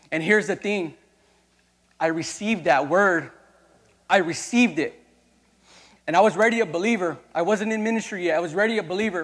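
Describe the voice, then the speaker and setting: A male youth pastor giving a personal testimony in a sermon, moving from quiet storytelling to loud, impassioned preaching that calls out to the congregation. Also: sits high, long reverb tail.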